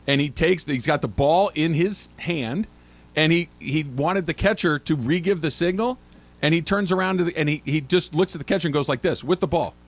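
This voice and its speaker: A middle-aged man hosting a sports talk radio show, telling animated stories and acting out loud shouts. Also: fairly high pitch, moderate pace. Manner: animated storytelling, mimics shouts. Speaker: radio host.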